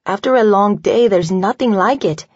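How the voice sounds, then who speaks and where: A woman's voice: medium pitch, moderate pace, breathy edge, no echo, lightly acted. A woman narrator voicing a playful, affectionate young woman in an audiobook, with a light teasing delivery. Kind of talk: audiobook dialogue. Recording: dull lo-fi dry recording.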